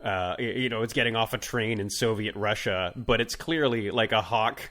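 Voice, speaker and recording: Brief: male podcast co-host, low-pitched, rambling comic chat full of restarts. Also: a bit bright. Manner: rambling, halting with many fillers and restarts. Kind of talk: casual comedic chat.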